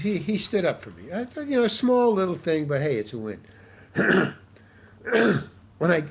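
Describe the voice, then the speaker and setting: Rambling older actor telling a story. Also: male voice, on the high side, husky. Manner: rambling, with many restarts and repeated words. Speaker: guest actor. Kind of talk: anecdotal storytelling in an interview.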